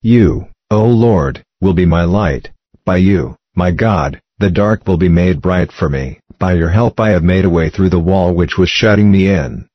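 A man with a very deep, low voice reads scripture in a measured, steady way. The sound is dry, with no room around it, and the recording is dull and lo-fi. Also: no room sound. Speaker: scripture reader. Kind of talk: scripted reading of psalms.

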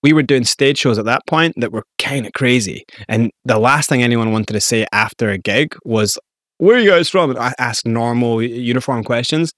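A man's voice: mid-range voice, normal speed, few pauses, no room sound. Scottish guy in an interview spinning a crazy story, does the voices, dry close mic. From Scotland. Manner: animated storyteller, acts out quotes. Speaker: guest.

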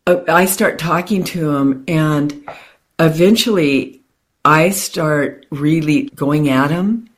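A woman guest in an interview, telling a personal story in animated, quick bursts with many restarts. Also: sits low.

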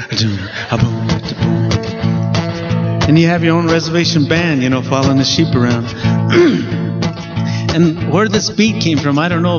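Folksy comedian. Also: male voice, fairly high pitch. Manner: folksy, playful, talks to the audience directly. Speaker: stand-up comedian. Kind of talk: storytelling stand-up comedy. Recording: distant mic, dull lo-fi sound with guitar music.

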